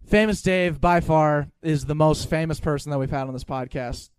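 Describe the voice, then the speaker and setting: A high-voiced man tells an excitable story at a live podcast show, laughing often and swearing casually. The sound is close and dry, with no roominess. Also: moderate pace, smooth, no echo. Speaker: podcast co-host.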